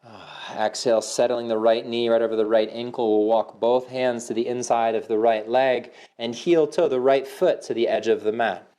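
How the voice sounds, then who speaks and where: A man's voice: medium pitch, fairly even intonation. Man guiding a soothing yoga class. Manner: slow, soothing cues with audible sighs; drops to a soft whisper for affirmations. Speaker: yoga instructor. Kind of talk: guided yoga class instruction.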